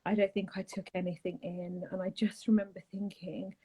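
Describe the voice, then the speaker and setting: Soft-spoken husky woman. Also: medium pitch, level tone, low-quality recording. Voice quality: husky, breathy. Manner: soft, halting, trailing off and restarting. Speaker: guest. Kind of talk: emotional personal account on a live chat.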